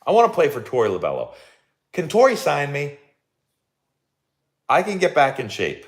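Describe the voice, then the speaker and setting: A man's voice: fairly high pitch, wildly swooping pitch, moderate pace. A young man, a baseball coach hosting a casual live watch-along and chatting with lots of fillers and laughs.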